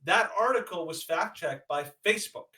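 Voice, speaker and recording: A man's voice: high voice, animated, normal speed, pushed and bright, poor audio. Indignant man ranting on a podcast. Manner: emphatic, indignant, many fillers. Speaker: podcast co-host. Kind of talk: opinionated podcast rant.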